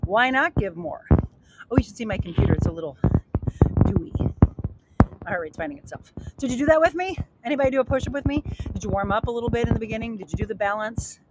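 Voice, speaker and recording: Energetic woman coaching outdoors, noisy. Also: a little high, fast talker. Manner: energetic, encouraging, reads viewer comments aloud. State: slightly out of breath. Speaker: fitness coach and show host. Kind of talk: live workout demo and motivational talk. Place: outdoors by a pool with rainforest. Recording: loud background noise with clicks.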